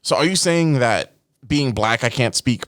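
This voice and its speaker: A man's voice: mid-range voice, animated, unhurried, fairly bright tone, dry recording, clean studio sound. A man hosting a casual podcast, talking emphatically. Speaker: podcast host.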